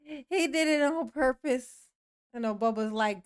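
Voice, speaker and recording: Slow, laughing woman chatting on a livestream. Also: sits high, clean tone. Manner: playful, laughs often, drawn-out "yes, honey". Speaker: livestream host. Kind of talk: casual livestream chat, reading and answering a live chat.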